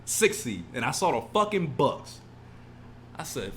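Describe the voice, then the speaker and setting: An emotional man rants on a casual podcast, swearing freely. His pitch swings widely and sits a bit high. A faint hum runs underneath. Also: sing-song, measured pace, pauses often, a bit bright. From California. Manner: emotional, swears a lot, ranting. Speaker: podcast co-host. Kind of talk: casual chat.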